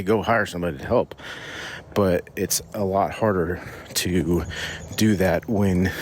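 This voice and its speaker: A man's voice: fairly low pitch, a little hiss or hum. A man hosting a casual business podcast while on a morning walk outdoors, a bit out of breath, talking in a loose, rambling way with restarts. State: slightly out of breath from walking. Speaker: podcast host.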